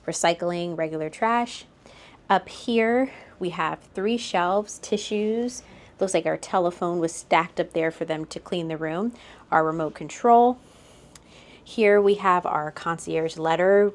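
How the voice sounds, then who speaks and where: Chatty woman touring a cruise cabin. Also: lowish voice. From United States. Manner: chatty, pointing things out, laughs lightly. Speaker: vlogger giving a room tour. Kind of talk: casual walkthrough narration. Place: cruise ship cabin, indoors.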